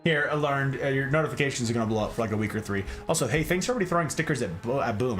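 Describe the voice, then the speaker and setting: Playful, animated streamer man. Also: medium pitch, racing, few pauses, faint music behind. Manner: playful and goofy, breaks into silly voices and catchphrases; slangy, lots of "like" fillers. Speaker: streamer hosting a plant stream. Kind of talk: casual livestream chat.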